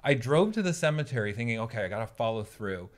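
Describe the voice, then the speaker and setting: A man's voice: medium pitch, big pitch swings, fast. A man, earnestly explaining spiritual ideas in casual chat. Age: 50s.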